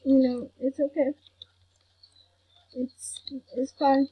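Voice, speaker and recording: A woman's voice: high-pitched, slow pace, long pauses, breathy edge, dull audio. A woman hosting a gaming channel, chatting casually over gameplay and grumbling that she is not mad. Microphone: computer recording mic.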